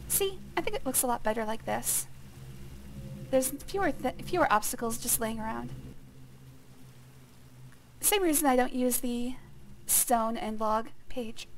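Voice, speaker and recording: A woman streamer with a gravelly, phlegmy voice, chatting casually and explaining as she plays a game. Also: on the high side, unhurried, long pauses. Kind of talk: casual let's-play commentary. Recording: clear steady background noise.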